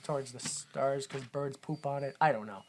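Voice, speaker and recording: A man co-hosting a comedy podcast, recapping a film casually, acting out characters in quick silly voices and laughing often. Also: mid-range voice, a little mellow, slight background noise. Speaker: podcast co-host.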